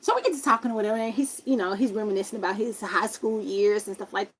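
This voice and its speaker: A young woman casually telling a personal story, acting out other people's voices with big jumps in pitch. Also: fast, a little hiss or hum. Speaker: vlogger telling a life story.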